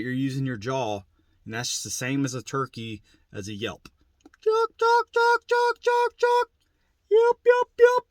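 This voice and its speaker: A man's voice: mid-range voice, no room sound. A man giving a plain-spoken, casual lesson on turkey calling, repeating his points as he goes. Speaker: turkey hunting instructor. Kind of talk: casual instructional demo.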